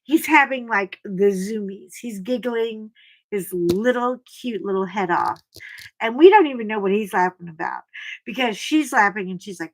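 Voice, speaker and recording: A middle-aged woman hosting a casual livestream chat, telling stories in an animated way and greeting viewers by name. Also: mid-range voice, moderate pace. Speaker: livestream host.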